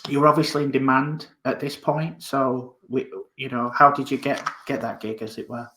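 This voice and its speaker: A man's voice: medium pitch, level tone, moderate pace, bright, forceful tone, slight background noise. Male podcast host in an echoey room. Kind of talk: interview questions.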